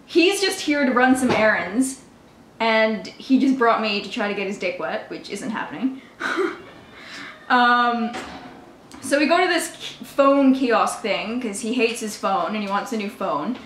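A woman's voice: fairly high pitch, animated, unhurried, a bit bright. A young woman telling a story on her vlog, swearing freely, laughing often and mocking the people she quotes. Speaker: vlogger. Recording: echoey room with faint noise.

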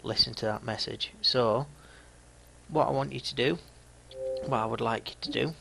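A man's voice: mid-range voice, normal speed, gravelly, noisy background. A man in his thirties with a Yorkshire accent, a gaming vlogger talking to his viewers in a dry, mocking, chatty way. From Yorkshire, England. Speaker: gaming YouTuber. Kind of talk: casual video commentary.

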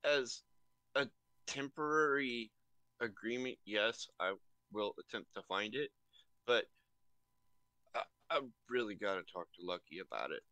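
A male player in a tabletop game who talks hesitantly and often stammers. His voice is bright and recorded close and dry. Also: fairly low pitch, expressive, a little slow, pauses often, no room sound. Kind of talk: playing a character in a tabletop game.

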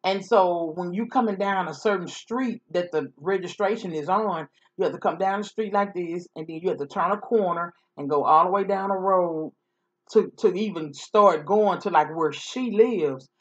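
A woman's voice: lowish voice, normal speed, highs cut off. A woman vlogger chatting casually through a story, sassy and repetitive.

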